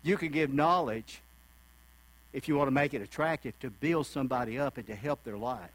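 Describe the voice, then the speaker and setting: A man's voice: mid-range voice, a little fast, rough recording. A male preacher giving a sermon in a folksy, conversational way, acting out the voices of people he quotes.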